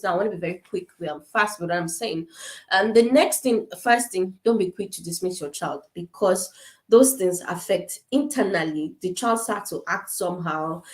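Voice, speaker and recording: A woman's voice: medium pitch, roomy sound. A woman from Africa speaking to parents in a casual online talk, earnest and repetitive, with many fillers and restarts. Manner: earnest, repeats points, frequent fillers and restarts. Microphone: webcam on a video call.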